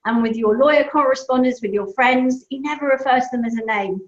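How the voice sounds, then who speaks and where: A woman's voice: high voice, a little fast. A woman, a breakup coach, giving upbeat advice in a live question-and-answer talk, telling stories with acted-out voices. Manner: animated, storytelling with acted-out voices. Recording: echoey room, dull lo-fi sound.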